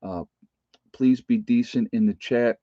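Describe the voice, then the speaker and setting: A man's voice: medium pitch, measured pace, no room sound. A middle-aged man hosting a casual livestream, rambling and folksy with lots of fillers. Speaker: livestream host. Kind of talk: casual live-stream chat. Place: rural home. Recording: dull lo-fi stream audio.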